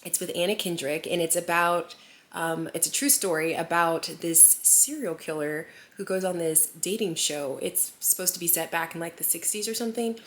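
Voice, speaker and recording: A woman's voice: on the low side, normal speed, fairly bright tone. Chatty, rambling mom vlogger woman. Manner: rambling, filler-heavy, giggly. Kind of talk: casual chat to camera.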